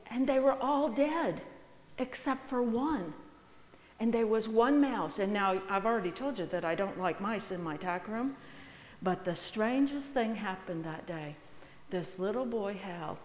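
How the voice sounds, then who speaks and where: Woman, children's sermon, animated storytelling, faint room ambience, long hall reverb. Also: slight background noise. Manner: animated storytelling, voicing characters with sudden high-pitched exclamations. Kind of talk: children's object-lesson sermon.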